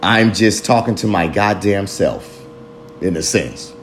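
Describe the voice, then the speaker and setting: Talking alone on his podcast, this host speaks in a low, animated voice at a slightly slow pace, with a bit of background noise. He reflects loosely in street slang, swearing a lot and drifting into rambling asides.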